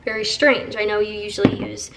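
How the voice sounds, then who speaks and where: A woman's voice: medium pitch, monotone, fairly quick, noisy background. A young woman vlogging casually at home, chatty and playful as she shows things to the camera. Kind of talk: casual vlog chat. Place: home, indoors.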